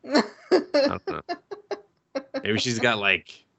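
Bright-voiced man riffing crudely. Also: lowish voice, wildly swooping pitch, takes it slowly, vocal fry. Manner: crude, profane, mocks scenes with put-on quotes. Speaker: podcast co-host. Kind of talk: casual podcast chat.

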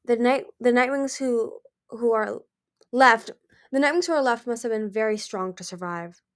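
A woman's voice: a little high, normal speed, no echo, studio quality, voice pushed up, close to an everyday voice. Brief: ancient male dragon, proud and charming, voiced by a woman reader. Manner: proud, easygoing, smooth-talking.

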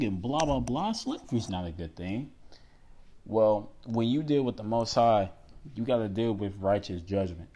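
Reading verses slowly aloud, a solo male podcast host with a lowish, dark voice speaks animatedly about scripture. His manner is casual yet emphatic, with plenty of rhetorical questions aimed at listeners.

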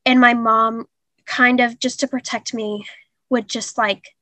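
A young woman telling a painful personal story in an interview, halting and earnest with many fillers. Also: on the high side, level tone, sharp tone, no room sound. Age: young adult. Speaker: guest.

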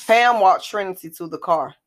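A woman narrating a scripted drama story in a plain, even reading. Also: mid-range voice, moderate pace.

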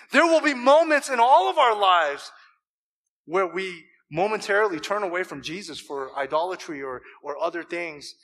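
A man preaching a sermon, animated, acting out scripture quotes with emphasis and joking with the congregation. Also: high-pitched, poor audio. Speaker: pastor.

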